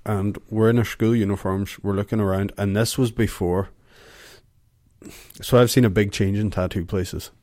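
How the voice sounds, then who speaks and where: A man, co-hosting a casual podcast chat, blunt and quick to cut in and correct. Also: on the low side, fairly even intonation, a little mellow, no room sound, studio quality. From Ireland. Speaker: podcast co-host.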